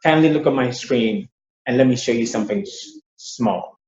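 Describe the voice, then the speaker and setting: A man's voice: medium pitch, moderate pace, darkish tone. A man tutoring English pronunciation in an online lesson. He explains patiently and often repeats his words. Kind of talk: online lesson with screen sharing. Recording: roomy, dull lo-fi sound.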